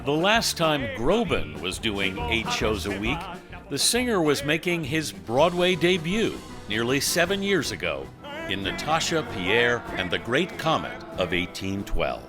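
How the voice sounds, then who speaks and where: A man narrating a television news feature as correspondent, in a measured, polished delivery. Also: medium pitch, very animated, music in the background.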